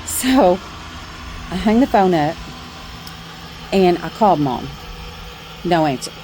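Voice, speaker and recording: A woman's voice: fairly low pitch, expressive, takes it slowly, warm tone, a little hiss or hum. A middle-aged woman telling a story on her porch in a chatty, folksy way, laughing along. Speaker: vlogger. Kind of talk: casual storytelling.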